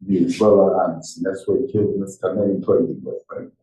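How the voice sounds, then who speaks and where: Recorded from a distance in a roomy space, an older man teaches a casual Torah class as a rabbi. He speaks fairly quickly in a deep voice, telling lively stories and performing the characters' lines.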